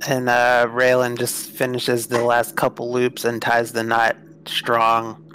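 A man in a tabletop game describes his character's actions in an even, steady way, with little rise and fall in his voice. Faint music plays in the background. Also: medium pitch, slow. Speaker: player. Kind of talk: tabletop role-play narration.

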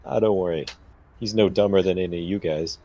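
A man voicing a calm, persuasive male vampire who cuts deals in a tabletop game. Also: sits low, fairly quick, muffled recording. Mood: scheming. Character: smooth scheming male vampire dealmaker.

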